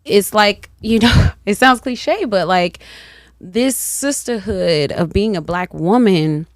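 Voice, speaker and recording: A woman's voice: medium pitch, expressive, slow, no room sound, studio quality. A woman with a Southern accent, a podcast guest talking candidly and reflectively, repeating words for emphasis. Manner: earnest, reflective, emphatic repetition.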